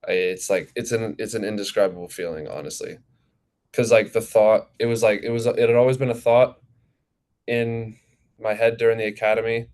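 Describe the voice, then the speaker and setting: A teenage man from New Jersey talks casually through an interview, circling his answers with fillers. His voice sits low and barely moves in pitch. The tone comes through smooth and clear. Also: normal speed. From New Jersey, USA. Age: teens. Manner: relaxed, rambling with many fillers. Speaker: goalkeeper guest.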